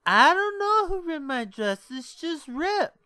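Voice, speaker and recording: A woman's voice: very high-pitched, sing-song, measured pace, sharp tone, no room sound, studio quality, voice pushed up, heavily acted. A man voicing a drunk young woman in an elf costume who whines and sounds confused. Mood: whiny drunk. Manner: whiny, bewildered drunk complaining.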